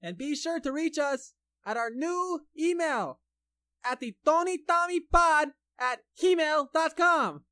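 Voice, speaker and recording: Very high-voiced brash woman co-host. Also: expressive, slow, pushed and bright. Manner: brash boastful banter, over-the-top. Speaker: podcast co-host. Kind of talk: mock trash-talk comedy podcast.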